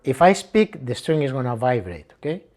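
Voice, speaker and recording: A man's voice: medium pitch, very animated, moderate pace, a little mellow. A man walking through a guitar setup step by step, repeating the key measurements as he works. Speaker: guitar tech and channel host. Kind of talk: hands-on setup tutorial.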